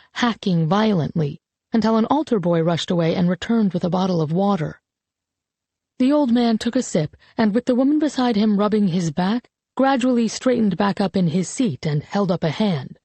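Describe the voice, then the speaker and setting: A woman reads a novel aloud in an audiobook with a dark, mellow tone. Her storytelling is even and measured. The recording is dry and close. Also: medium pitch, no echo. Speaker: audiobook narrator. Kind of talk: scripted narration.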